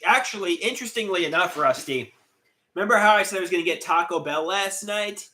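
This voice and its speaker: A man's voice: high-pitched, fairly quick, sharp tone. A man hosting a casual livestream, rambling and chatty as he reads out viewer comments and greets them by name. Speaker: livestream host.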